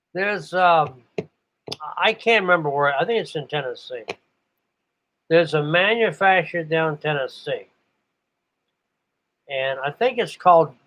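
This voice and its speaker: A man's voice: on the high side, fairly bright tone. An older man from New England reminiscing about radio operators, meandering and stopping to search aloud for names. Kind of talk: rambling reminiscence. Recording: muffled lo-fi recording.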